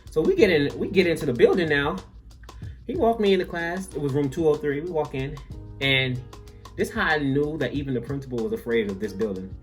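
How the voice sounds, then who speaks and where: Animated young man telling a story. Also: on the high side, brisk, soft background music. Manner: animated, filler-heavy, lots of "like". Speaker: vlogger. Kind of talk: comic storytime narration.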